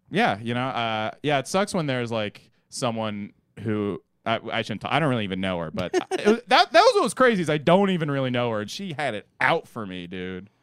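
A man's voice: medium pitch, huge pitch swings, normal speed, fairly bright tone, clear, resonant tone, dry recording, clean studio sound. A man co-hosting a podcast in casual chat, self-deprecating and swearing freely. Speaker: podcast co-host.

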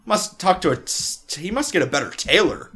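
A man's voice: fairly high pitch, sing-song, normal speed, fairly bright tone, voice pushed up. A man voicing a cheery, hearty old male dwarf who works as a judge, talking in a jovial, folksy way. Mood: chatty.

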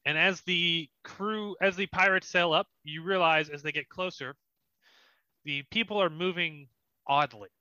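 A man's voice: a little high, fairly even intonation, unhurried, pushed and bright, clean tone, dry recording, highs cut off. A young man narrating as dungeon master of a tabletop game, in a casual, descriptive way. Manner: descriptive, laughs often, casual.

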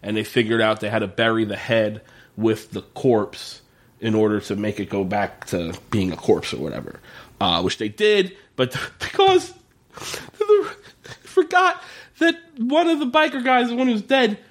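A profane, laughing man recaps a TV episode with a co-host in loose podcast chat. His voice sits a little higher than most men's and moves a great deal, leaping up whenever he acts out a line. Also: lively intonation, a little slow, fairly bright tone.

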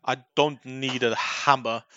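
A man's voice: mid-range voice, fairly even intonation, a little slow, sharp tone, dry recording, muffled recording. A man voicing a proud royal guard from the sea who speaks formally and insistently. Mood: pompous.

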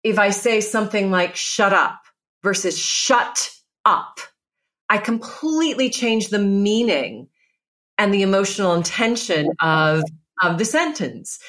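A woman's voice: medium pitch, fairly bright tone. A middle-aged woman, a presentation coach, giving emphatic, instructive advice step by step in an interview. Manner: emphatic, instructive, lists steps.

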